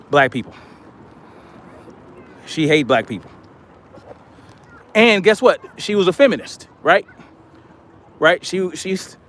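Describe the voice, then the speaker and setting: A man's voice: a little high, fairly bright tone. Man chatting on a livestream. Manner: reads viewer comments aloud and responds conversationally. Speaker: livestream host reading chat. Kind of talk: casual livestream chat.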